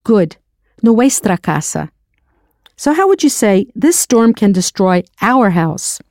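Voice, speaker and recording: A woman's voice: mid-range voice, sing-song, takes it slowly, a little mellow, no room sound, clean studio sound. A woman teaching a recorded language lesson, spelling words out letter by letter and asking the listener to answer. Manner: spells words letter by letter, then prompts the learner.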